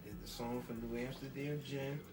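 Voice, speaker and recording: A man's voice: mid-range voice, normal speed, recorded from a distance. A man from New York guesting on an interview, telling a long story with lots of street slang and acting out everyone he quotes. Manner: animated, acts out quoted dialogue, heavy slang. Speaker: rapper guest.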